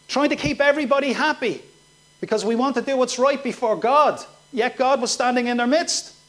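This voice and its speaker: A man's voice: extremely high pitch, a bit bright. A man preaching a sermon, asking his listeners direct questions and acting out the voices of the people he describes. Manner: questioning, emphatic, acts out quoted voices.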